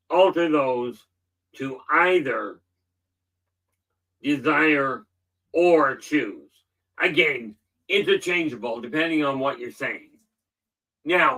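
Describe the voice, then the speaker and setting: An earnest man talks through a motivational livestream, leaning on his key words. His voice is bright and a touch high. He sounds set back from the microphone. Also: recorded from a distance, rough recording. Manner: earnest, emphatic, repeats key words slowly. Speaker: livestream host. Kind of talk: casual motivational talk.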